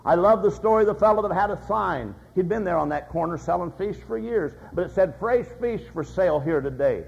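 An older man preaches in a folksy, story-telling way, his voice pitched high with a gravelly edge. The recording is dull and lo-fi. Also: expressive, brisk. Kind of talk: sermon.

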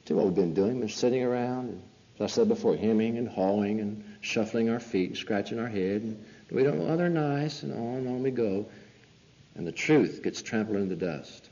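A man's voice: on the low side, normal speed, mellow. A man preaching a sermon, emphatic and full of rhetorical questions. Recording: lo-fi hall recording.

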